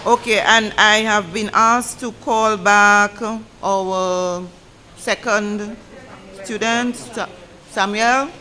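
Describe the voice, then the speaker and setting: A woman's voice: medium pitch, fairly even intonation, drawn-out words, bright, forceful tone, slight background noise. A woman acting as pronouncer at a spelling bee, saying each word twice and spelling out corrections letter by letter. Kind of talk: competition announcing.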